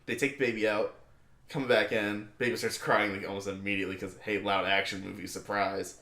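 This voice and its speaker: A young man co-hosting a casual podcast, telling an animated story with swearing and acted-out angry quotes. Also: lowish voice, fairly quick. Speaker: podcast co-host. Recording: echoey room.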